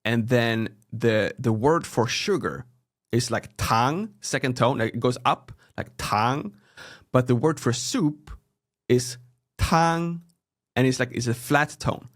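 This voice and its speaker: Swedish man telling lively stories. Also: measured pace. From Sweden. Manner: animated storytelling, acts out quoted reactions with big pitch jumps. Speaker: guest. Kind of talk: casual interview chat.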